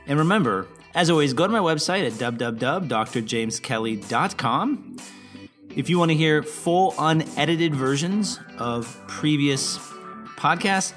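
A man hosting an interview podcast, chatty and upbeat, laughing often. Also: medium pitch. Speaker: podcast host.

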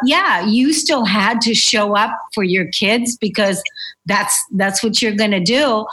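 A woman's voice: on the high side, a bit bright, low-quality recording. Earnest woman host, spiritual reflections. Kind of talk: reflective podcast conversation.

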